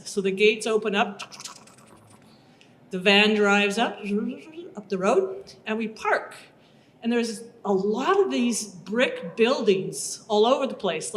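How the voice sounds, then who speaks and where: A woman's voice: mid-range voice, unhurried. Woman telling a story on stage. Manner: animated, acts out her own lines. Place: small bar stage.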